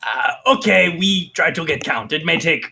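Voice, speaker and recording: A man's voice: fairly high pitch, animated, vocal fry, sharp tone, full character voice. A man doing a bumbling goblin underling. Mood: unsure. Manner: halting, broken speech.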